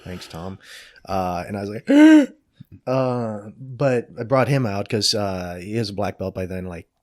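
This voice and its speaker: A man's voice: on the low side, moderate pace, dry recording, clean studio sound. A middle-aged man chatting as a podcast guest, rambling with many fillers and jokey asides. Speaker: podcast guest, jiu-jitsu black belt. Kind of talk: casual interview chat.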